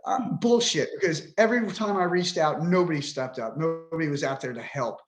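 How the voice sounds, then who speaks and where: A man's voice: a little high, animated, fairly quick, music in the background. A man in his fifties, a podcast guest, talking with frustration and swearing bluntly as he vents. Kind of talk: emotional interview talk.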